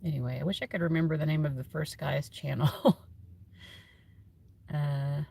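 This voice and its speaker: A woman's voice: low-pitched, fairly even intonation, normal speed, gravelly, mellow, breathy edge. A woman hosting a tarot livestream from home on her phone, chatting casually and rambling with lots of fillers. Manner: chatty and rambling, many fillers, laughs often.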